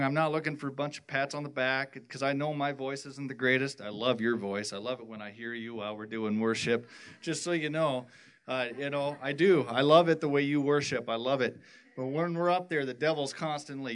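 A man's voice: medium pitch, fairly even intonation, clean tone. Rambling man giving a church testimony. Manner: rambling, halting, many restarts. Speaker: church worship team member giving a testimony.

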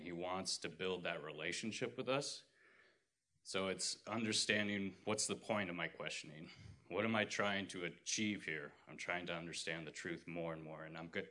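A man's voice: low-pitched, pushed and bright. A man speaking earnestly in a casual church group discussion about faith and truth. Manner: earnest, retells scripture with acted quotes.

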